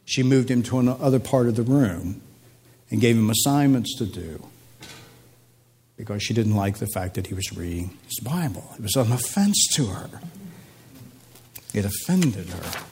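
A man preaching a sermon, emphatic, repeating phrases and climbing in pitch for stress. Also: animated, moderate pace, long pauses, a little mellow, breathy edge.

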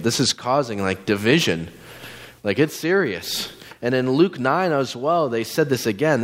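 A man giving a casual, conversational sermon in a church, full of fillers and asides to the congregation. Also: lowish voice. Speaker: guest preacher.

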